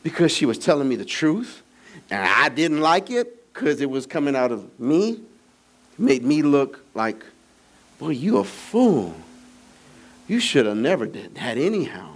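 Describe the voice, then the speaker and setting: Animated preaching man, teasing asides. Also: normal speed. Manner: animated preaching, rising high and loud in emphasis; conversational, teasing asides to the congregation. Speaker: pastor. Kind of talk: sermon. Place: church sanctuary.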